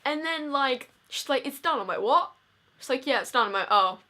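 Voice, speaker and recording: A woman's voice: sits high, expressive, fairly quick, sharp tone. A teenage girl telling a dramatic story in a chatty vlog, filling her speech with "like". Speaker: vlogger.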